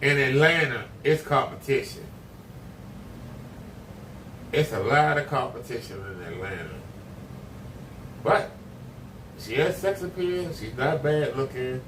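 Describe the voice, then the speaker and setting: A man's voice: mid-range voice, lively intonation, slow pace, pauses often, fairly bright tone. A man commenting on a stream, blunt and opinionated as he gives his judgments. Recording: roomy, distant, faint noise.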